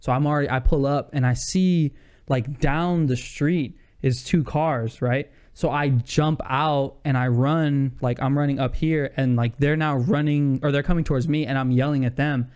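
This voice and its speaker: A young man telling a heated story in casual chat on a podcast, animated and saying "dude" a lot. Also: mid-range voice, moderate pace, smooth.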